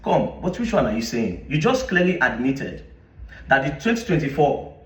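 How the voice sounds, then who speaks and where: A man's voice: medium pitch, big pitch swings, moderate pace, fairly bright tone, reverberant, recorded from a distance. A man with a Nigerian accent reading official statements aloud and rebutting them with indignant, sarcastic questions. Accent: Nigerian English. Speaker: social media commentator.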